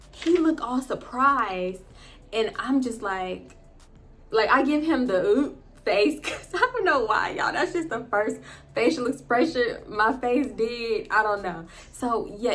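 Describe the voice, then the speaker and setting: Speaking at medium pitch, a female vlogger shares something from her own life in a relaxed, animated style. She keeps turning to her audience and laughs often along the way.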